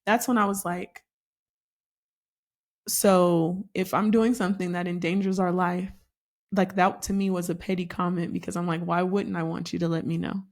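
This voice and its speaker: A young adult woman co-hosting a casual chat about marriage, telling a story and acting out the quotes with lively emphasis. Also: lowish voice, normal speed. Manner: animated storytelling, acts out quotes. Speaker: podcast co-host.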